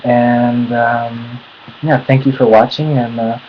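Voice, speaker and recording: Nervous, flat-voiced American man. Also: mid-range voice, a little hiss or hum. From United States. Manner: nervous, halting delivery. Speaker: vlogger. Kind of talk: casual talk to camera. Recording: dull lo-fi home recording.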